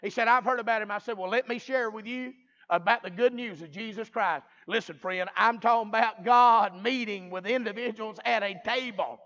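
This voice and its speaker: A man's voice: sits high, normal speed, fairly bright tone. A man preaching a revival sermon, telling a story and building to fervent preaching. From American South. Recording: muffled lo-fi recording.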